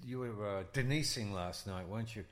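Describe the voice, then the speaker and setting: A man's voice: on the low side, a little fast, lightly acted. A man doing a blunt Brooklyn partner, bossy and exasperated, with long echoey reverb. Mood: alarmed. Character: gruff, money-minded male business partner. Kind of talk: improvised comedy audio drama.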